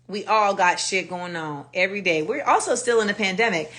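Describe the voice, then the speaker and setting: A woman talks straight into her phone on a livestream, with a bright, crisp, forward tone. She tells her stories with lots of energy and acts out every exchange, cursing freely. Her voice sits in the middle of the usual range for a woman. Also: mid-range voice, brisk, few pauses. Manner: animated storytelling, acts out quoted exchanges with profanity. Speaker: livestream host. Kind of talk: casual livestream chat.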